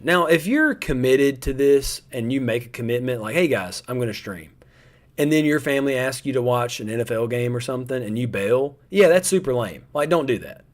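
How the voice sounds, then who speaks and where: Stream host: young man, mid-range voice, loose and rambling, talks right to chat. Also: medium pitch. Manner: chatty, rambling, talks straight to viewers. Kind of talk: casual chat to a live audience.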